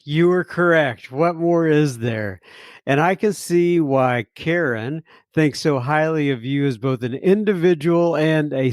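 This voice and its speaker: A man's voice: mid-range voice, dry recording, studio quality. A man hosting a casual podcast, talking earnestly with plenty of fillers and frequent chuckles. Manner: chuckles often while talking; earnest and warm-hearted, with many fillers. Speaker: podcast host.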